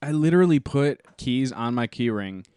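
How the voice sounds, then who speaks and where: A man's voice: medium pitch, animated, moderate pace, warm tone, clear, resonant tone, no room sound, clean studio sound. Laughing young man co-hosting a podcast. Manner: laughs often, joking. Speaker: podcast co-host. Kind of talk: casual chat.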